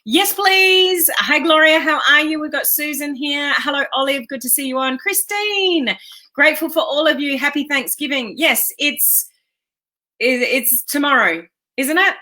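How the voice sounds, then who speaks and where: A woman's voice: high-pitched, measured pace, pushed and bright. A woman with an Australian accent hosting a casual live stream, chatty and upbeat, greeting viewers by name and laughing often.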